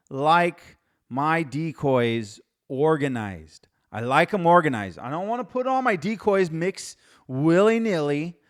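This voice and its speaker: A middle-aged man hosting his own podcast, telling a casual, rambling story with restarts and wry asides. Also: fairly high pitch. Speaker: podcast host.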